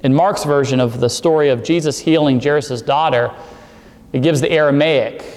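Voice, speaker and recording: Male pastor, a bit high-pitched, preaching in an echoing hall; builds emphasis. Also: moderate pace, darkish tone. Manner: expository preaching, rising emphasis on key words. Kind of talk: sermon.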